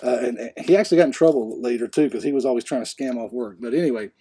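A man in his forties tells long, rambling stories in casual podcast talk, and he often stops to correct himself. His delivery is quick. His tone is soft and mellow. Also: mid-range voice, expressive, husky. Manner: rambling, self-correcting anecdotes. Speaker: podcast co-host. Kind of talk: casual storytelling.

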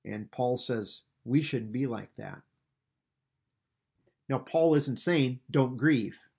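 Husky-voiced man preaching a sermon. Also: medium pitch, slow. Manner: teaching, conversational, varies loudness for emphasis. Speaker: pastor. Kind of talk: expository sermon.

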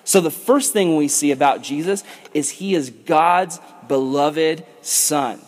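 A man leading a casual Bible study as a youth pastor. He is animated and chatty, says "like" a lot and acts out the people in the story. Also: fairly high pitch, slow. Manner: animated and chatty, with lots of "like" and acted-out voices.

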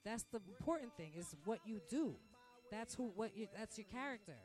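A woman in her thirties hosting a podcast, giving a blunt, profane, animated rant from the restaurant where she works. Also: a little high, moderate pace. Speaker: podcast host. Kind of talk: casual ranting monologue. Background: faint background music.

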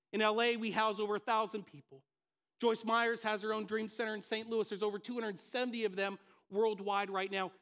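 An energetic male preacher with a very high voice, talking in a relaxed conversational way. He slips into voices for the people in his stories. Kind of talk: sermon.

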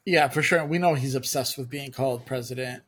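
A man's voice: medium pitch, brisk, husky. A man co-hosting a podcast, chatting casually about politics, asking questions and hedging his points. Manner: conversational, asks questions, hedging. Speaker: podcast co-host.

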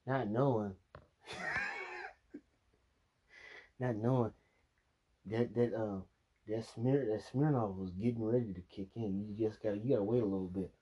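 A man's voice: on the low side, huge pitch swings, measured pace, pauses often, darkish tone, slightly rough, highs cut off. A young man vlogging, telling a rambling, profane drinking story and laughing at himself. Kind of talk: casual storytelling monologue.

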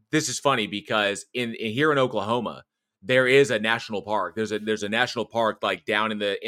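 A man with a bright, forceful voice chats casually about horror films as a podcast co-host. He rambles, restarts his sentences and laughs often. The sound is close and dry, with no room around it. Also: fairly low pitch, no echo. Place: home office.

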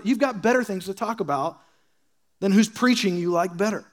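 A young adult man preaching a sermon in a casual, sarcastic way, acting out the voices of churchgoers in quick asides. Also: high voice. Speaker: pastor.

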